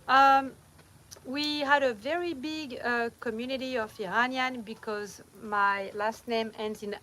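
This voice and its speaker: Speaking to her livestream audience at night from a van or home, a middle-aged woman from France with a strong French accent chats casually and laughs a lot. Her voice is on the high side and fairly bright. With only a phone or camera and no mic, the audio is poor and has slight background noise.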